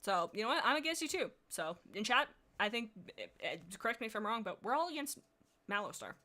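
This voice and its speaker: A young woman hosting a livestream, reading fan stories aloud with chatty, excitable commentary and frequent giggles. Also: a little high, brisk. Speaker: livestream host.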